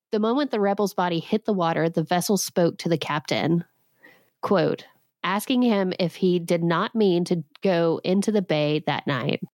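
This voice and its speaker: A woman's voice: on the low side, darkish tone, no echo, clean studio sound. A woman in her thirties hosting a podcast, retelling a legend with sarcastic comic asides and frequent laughs. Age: 30s. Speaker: podcast host.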